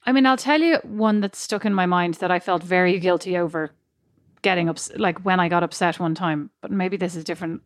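A woman's voice: fairly low pitch, dry recording. Chatty woman cohost, dry sound. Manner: chatty storyteller, quick to laugh at herself. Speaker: podcast co-host. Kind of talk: casual chat.

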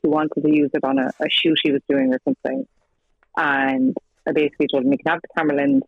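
A woman's voice: deep voice, sing-song, fast, creaky, dry recording. An Irish woman telling her story as an interview guest, chatty, acting out quoted dialogue and laughing between lines. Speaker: guest, former partner of the subject. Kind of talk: casual interview over the phone. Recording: dry tinny phone line.

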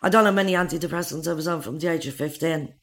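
A woman's voice: deep voice, rapid-fire. A woman in her forties with an Irish accent, bluntly telling her own life story in an interview and swearing freely. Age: 40s. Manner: blunt, swears freely, acts out others' lines.

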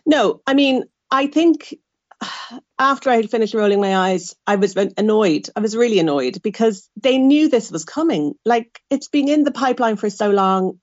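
A woman's voice: medium pitch, lively intonation, normal speed, no echo, lo-fi sound. An Irish woman giving a radio interview, speaking frankly and with exasperation, with wry asides. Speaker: interview guest, adopted person.

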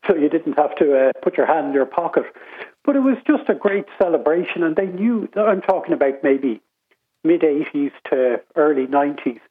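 A middle-aged Irish man on a radio show, telling stories in a relaxed, chatty way. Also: fairly high pitch, moderate pace, slightly rough. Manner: chatty anecdotal storytelling. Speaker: radio panelist. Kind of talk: casual radio chat. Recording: tinny phone line.

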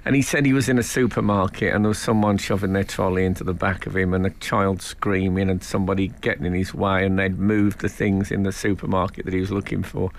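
A man's voice: low voice, level tone, fast talker, few pauses, a little hiss or hum. A man with an English accent, hosting a casual radio chat, telling rambling anecdotes with plenty of laughter. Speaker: radio show host.

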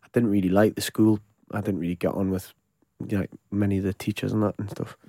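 A man in his twenties with a strong Northeast English accent, chatting as a guest in a radio studio, relaxed and rambling. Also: fairly low pitch, quick pace, no room sound. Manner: relaxed, rambling, self-mocking. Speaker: musician guest. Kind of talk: casual chat. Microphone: studio microphone.

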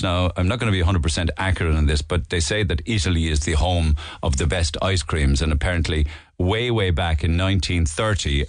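A man's voice: low voice, dry recording. A man hosting a phone-in radio show in a studio, chatty and rambling with jokey asides. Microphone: studio microphone.

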